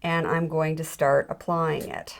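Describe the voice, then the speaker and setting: A woman's voice: low-pitched, little pitch movement, unhurried, gravelly. A middle-aged woman giving a chatty, self-deprecating hands-on jewelry demonstration, with frequent ums and restarts. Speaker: jewelry tutorial instructor.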